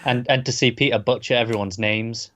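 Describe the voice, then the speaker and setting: A man's voice: mid-range voice, steady tone, fairly quick, a bit bright. A man co-hosting a casual comics podcast, replying in a dry, laid-back way and sounding tired from a bad night's sleep. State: tired from insomnia. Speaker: podcast co-host. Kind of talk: casual chat. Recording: slightly dull lo-fi audio.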